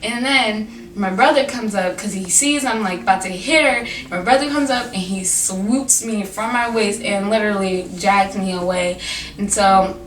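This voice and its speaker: A woman's voice: mid-range voice, moderate pace. Teen girl telling a story, echoey. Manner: animated, lots of fillers and quoted dialogue. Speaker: vlogger. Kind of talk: casual storytime. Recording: echoey room from a distance, faint noise.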